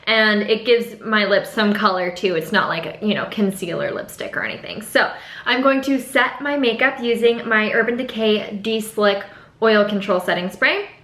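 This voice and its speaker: A young woman chatting in a relaxed, upbeat way while doing her makeup as a vlogger. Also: medium pitch, moderate pace. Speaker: beauty vlogger. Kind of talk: casual get-ready-with-me chat. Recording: echoey room.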